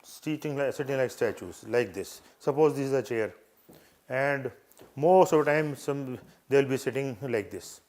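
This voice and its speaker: A man's voice: medium pitch, measured pace, darkish tone. An older man from India gives earnest advice on interview etiquette. He repeats key points and acts out greetings and gestures as he goes. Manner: earnest, repetitive advice with demonstrations. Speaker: interview coach. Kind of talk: live coaching session.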